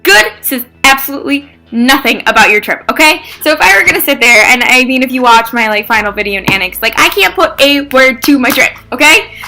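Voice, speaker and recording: A woman's voice: sits high, a little fast, soft background music. Chatty young woman telling a story. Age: young adult. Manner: chatty, animated, says "like" often, acts out quotes. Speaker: vlogger. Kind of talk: casual vlog storytelling.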